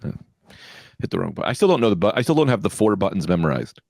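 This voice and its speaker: Brief: young male podcast co-host, lively swooping delivery, dry close mic, storyteller who plays every part. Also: on the low side, quick pace, creaky, no echo. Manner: animated storyteller, acts out quoted people. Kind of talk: casual chat.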